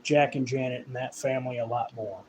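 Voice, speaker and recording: A man's voice: mid-range voice, fairly even intonation, a little fast, slight background noise, poor audio. A man giving a casual, profane, rambling rant as a horror writer reviewing a film.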